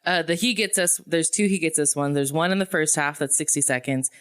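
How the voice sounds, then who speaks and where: Woman cohost going over the news, smooth clear voice, lots of ums, dry sound. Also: deep voice, brisk, fairly bright tone, no room sound. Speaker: podcast co-host reading news. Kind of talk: casual chat.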